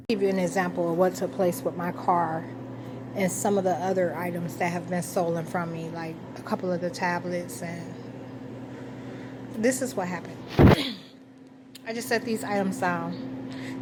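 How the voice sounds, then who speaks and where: A woman with a fairly low voice talks to her camera in a loose, rambling monologue. She muses aloud and corrects herself mid-thought, with a faint hiss of background noise. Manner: musing, self-correcting, recounting memories. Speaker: vlogger.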